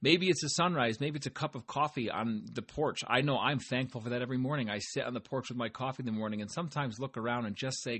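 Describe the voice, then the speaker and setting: Speaking fast with hardly any pauses, a farmer and podcast host delivers a relaxed, encouraging monologue and often talks straight to his audience. His medium-pitched voice is fairly bright with a breathy edge.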